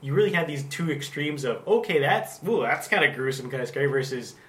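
A man's voice: a little high, lively intonation, brisk. A man chatting casually about a movie, rambling and hedging with lots of "like" and "kind of". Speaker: podcast co-host. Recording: echoey room with faint ambience.

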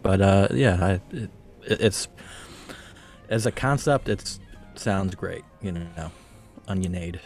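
A man chats on a podcast in a halting way, stammering at the start of his thoughts. His voice is very deep, and faint music runs in the background. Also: darkish tone. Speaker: podcast co-host. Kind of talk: casual chat.

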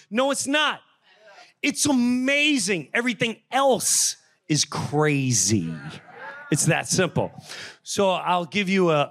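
A middle-aged man telling a personal story in an animated way, jumping into the voices of the people he quotes. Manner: animated, acts out quoted voices with big pitch jumps.

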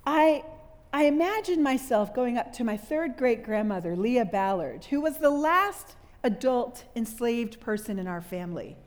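A middle-aged woman preaches to a live crowd in a church hall. Her pitch sits a little high and swings widely as she tells her story and quizzes the listeners. A long hall reverb trails each phrase. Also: unhurried. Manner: animated storytelling, quizzing the audience. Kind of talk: sermon.

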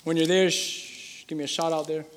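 A man preaching a sermon as pastor, fervent and repetitive, building up to shouting. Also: a little high, flat delivery, moderate pace, big-room sound, slight background noise. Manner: fervent, repeats phrases for emphasis, builds to shouting.

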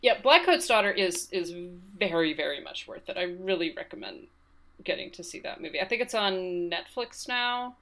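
Bright-voiced woman reviewing films. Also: fairly low pitch, sing-song, moderate pace. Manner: thoughtful, hesitant with many fillers. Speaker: film podcast host. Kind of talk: casual film review chat.

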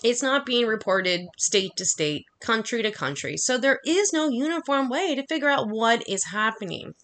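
A woman delivering an angry, profanity-laced monologue, talking fast and heatedly. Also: fairly high pitch, lively intonation, a bit bright. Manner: heated, swearing constantly, rapid rant.

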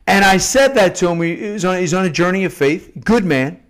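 A middle-aged man with a fairly high voice speaks as a devotional host. He talks off the cuff and earnestly, circling back and repeating words as he builds to a point. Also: lively intonation, fairly quick. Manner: earnest, repeats and restarts phrases for emphasis. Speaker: Catholic novena host. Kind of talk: spontaneous devotional teaching.

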